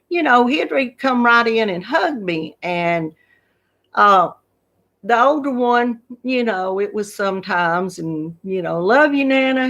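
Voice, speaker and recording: A Southern woman in her fifties talks unhurriedly to her viewers, drawing out her words in a relaxed, homey ramble. Her pitch sits in an ordinary middle range, and she breaks into laughter easily between stories. The live-stream talk is loose and unscripted. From Georgia, USA. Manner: chatty, laughs often, drawling. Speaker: YouTube craft channel host. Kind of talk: casual live-stream chat.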